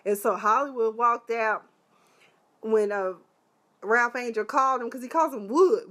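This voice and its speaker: A woman reviewing a TV episode in a casual live chat, animated and sassy, with lots of exclamations. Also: on the high side, unhurried, pauses often. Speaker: TV show reviewer.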